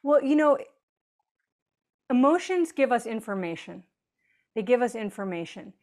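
A woman speaks as a guest on an interview podcast, explaining her ideas earnestly in a conversational way. Her voice sits a little high, and she sometimes slips into lively quoted voices. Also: moderate pace.

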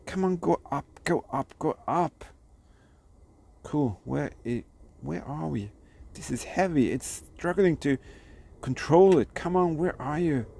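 Excited man vlogging from an ice hole. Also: fairly high pitch, takes it slowly, creaky, breathy edge. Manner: excited, talks to himself and the viewers. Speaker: history hunting vlogger. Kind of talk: casual vlog commentary. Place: outdoors in freezing cold by an ice hole, then a workshop.

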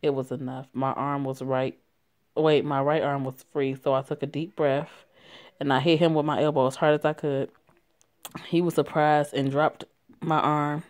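Young woman reading her story out loud, low voice, trips over words and fixes them. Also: little pitch movement, moderate pace. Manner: laughs and swears while reading, stumbles and corrects herself. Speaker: story reader. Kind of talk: casual reading of a written story.

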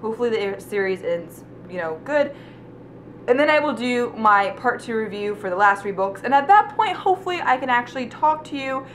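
A woman's voice: fairly high pitch, a little hiss or hum. A young woman giving an emotional, rambling book review from home, gushing and often trailing off mid-thought. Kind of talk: casual video review. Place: at home indoors.

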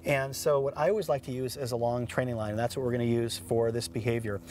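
A man's voice: medium pitch, fairly even intonation, quick pace, darkish tone, a little hiss or hum. A man hosting a dog training show, explaining methods in an upbeat, chatty way with many fillers and restarts. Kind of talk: instructional TV show.

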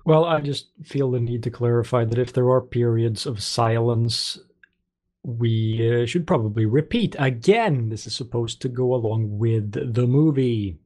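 Guy co-hosting over a voice call, blunt, bit grumpy, middle pitch. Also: unhurried, a little mellow. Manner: blunt, grumbling remarks. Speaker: podcast co-host. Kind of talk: casual group commentary.

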